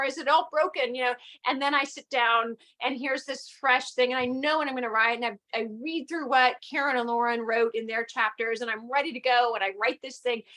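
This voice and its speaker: A woman's voice: a little high, bright, forceful tone. A middle-aged woman novelist chatting conversationally on a panel. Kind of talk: panel discussion.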